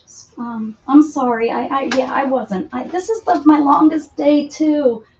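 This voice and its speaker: This woman speaks a little slowly, her high voice a little mellow and fairly even in intonation. She's hosting an easygoing crafting stream from a cluttered room at home, chatting, apologizing to viewers, and cooing at her pets, captured in dull lo-fi audio with faint noise.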